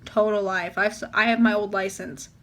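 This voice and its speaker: A woman's voice: medium pitch, steady tone, fairly quick. A young woman telling a story in a casual vlog, rambling and chatty with lots of filler words. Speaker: vlogger.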